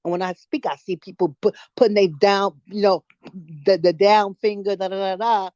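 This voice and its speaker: A woman's voice: medium pitch, fairly even intonation, normal speed, a little mellow, dry recording, lo-fi sound. A middle-aged woman from New York City, calling into an online audio chat room and ranting with emotion, blunt and profane, stumbling over restarts. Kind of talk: emotional impromptu rant.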